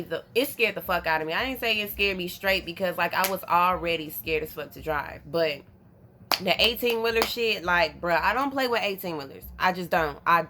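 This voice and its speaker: A woman from North Carolina, telling a story to her vlog viewers in a casual, animated, profane way, calling them y'all. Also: fairly low pitch, a little hiss or hum. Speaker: vlogger.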